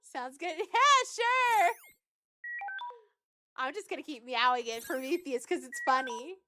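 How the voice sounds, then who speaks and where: A woman's voice: sits high, animated, unhurried, sharp tone, soft background music. A woman streaming a game, chatting casually in a playful, giggly way and meowing often. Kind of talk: casual gameplay commentary.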